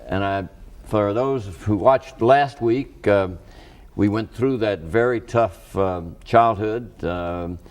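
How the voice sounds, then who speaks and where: Low-voiced, deliberate TV interview host. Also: male voice, darkish tone. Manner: deliberate, hesitant with many uh and um. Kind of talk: measured TV interview.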